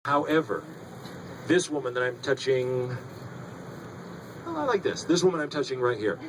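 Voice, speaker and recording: A man's voice: mid-range voice, big pitch swings, moderate pace. A man working as a stage hypnotist, giving commanding, theatrical suggestions and teasing his volunteers on stage. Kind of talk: stage hypnosis show patter. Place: school auditorium stage. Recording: noisy live audience recording.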